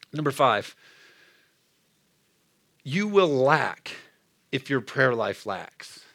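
Man, pastor, middle-aged, gravelly voice, slightly high pitch, casual sermon. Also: a bit bright. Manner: conversational preaching, frequent "Amen?" to the room.

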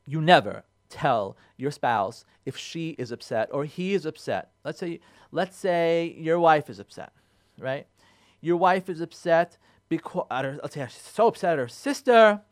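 A middle-aged man hosting a radio advice show, talking emphatically, repeating his phrases and dropping in Yiddish and Hebrew terms. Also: a little high. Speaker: radio show host giving marriage advice.

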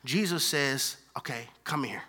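A man preaching a sermon, animated, moving from hushed asides to loud emphatic lines and using casual slang. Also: medium pitch, measured pace, husky.

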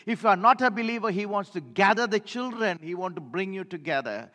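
Male preacher, high-pitched, emphatic and repetitive, in a reverberant church hall. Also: animated, a little fast, sharp tone. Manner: emphatic, repeats phrases for the congregation. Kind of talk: sermon.

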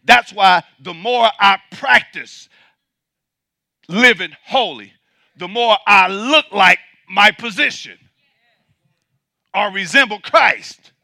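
A man preaches a sermon in a high, very bright voice. He drives his points home with emphatic repetition and shifts between loud declarations and hushed asides. The sound is close and dry. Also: takes it slowly, vocal fry, pauses often, no echo. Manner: emphatic, repeats points for the congregation. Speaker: pastor.

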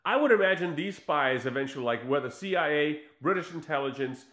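A man co-hosting a casual chat about films, animated and laughing, acting out scenes as he talks. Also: fairly high pitch, a little fast. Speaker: podcast co-host. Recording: echoey room.

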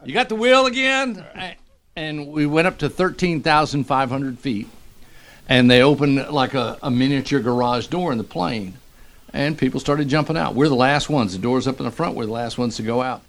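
A middle-aged man, a radio morning show host, telling a story in a lively, animated way. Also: mid-range voice, moderate pace. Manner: animated storyteller, acts out quotes. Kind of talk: casual storytelling.

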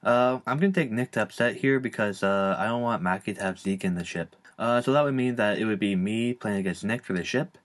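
Relaxed low-voiced young man hosting a podcast. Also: a little fast, hardly any pauses. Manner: relaxed, filler-heavy, joking. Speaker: podcast host. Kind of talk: casual podcast chat.

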